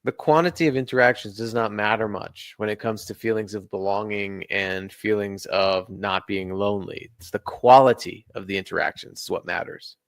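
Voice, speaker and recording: A man's voice: fairly low pitch, fairly even intonation, normal speed, few pauses, no echo, clean studio sound. A man being interviewed on a podcast, explaining his points earnestly and laying them out in order. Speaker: guest.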